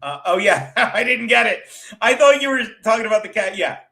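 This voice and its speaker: A man's voice: high-pitched, expressive, fairly quick, creaky, bright, forceful tone. A man hosting a show as a comedian, telling rambling stories in a casual, profane, chatty way. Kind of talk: casual rambling storytelling chat.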